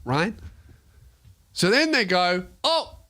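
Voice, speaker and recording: A man's voice: high-pitched, animated, moderate pace, pushed and bright. A young Australian man, a comedian and podcast host, telling an exasperated, profane story as a comic rant. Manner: exasperated, profane, mock-polite quoting.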